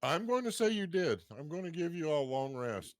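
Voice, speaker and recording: A man's voice: on the high side, very animated, moderate pace, no room sound, clean studio sound. A man acting as game master in an online tabletop game, joking and making easygoing rulings.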